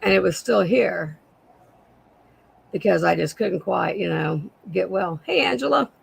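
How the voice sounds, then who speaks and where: A woman with a raspy voice, a guest seller chatting casually on a live sale and describing jewelry pieces. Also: on the low side, expressive, measured pace, rough recording.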